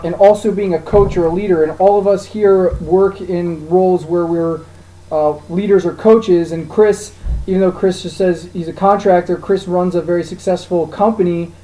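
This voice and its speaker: A man hosting a casual podcast chat, telling stories and quoting others in lively voices. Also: high voice, moderate pace, rough recording. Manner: animated storyteller, quotes others in lively voices. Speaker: podcast host, dog trainer.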